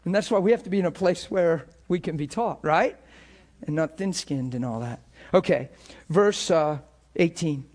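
A man preaching a conversational sermon as a pastor, animated, acting out imagined thoughts in a hushed voice and laughing between points. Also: on the high side, normal speed.

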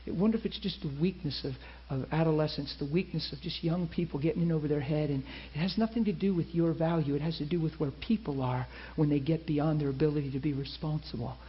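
A man's voice: a little high, fast, hardly any pauses, muffled recording. A man preaching a sermon, telling a story and acting out the people in it.

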